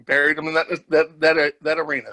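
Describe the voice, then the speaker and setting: A man's voice: fairly high pitch, completely flat delivery, quick pace, bright, forceful tone. A man co-hosting a casual wrestling podcast, joking and teasing the others. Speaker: podcast co-host.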